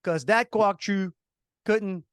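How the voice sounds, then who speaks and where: Animated sarcastic male radio co-host. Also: sits high, slow pace, clean tone, no room sound, studio quality. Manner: animated storyteller, sarcastic, many restarts. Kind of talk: casual radio chat.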